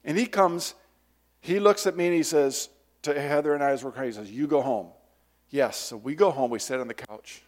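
A man preaching a sermon, telling a childhood story with lively voice and acting out the shouted moments, then leading a prayer. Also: a little high, fairly quick. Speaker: pastor. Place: church sanctuary.

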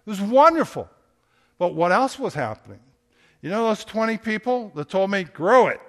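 A man's voice: sits high, very animated, normal speed. A man, a pastor, preaching a sermon in a conversational storytelling way, asking rhetorical questions.

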